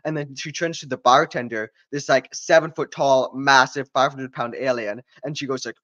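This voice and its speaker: A man's voice: mid-range voice, fairly even intonation, moderate pace, pushed and bright, no echo, highs cut off. A man ranting in a sarcastic, exasperated and profane way while reviewing a show. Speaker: video reviewer.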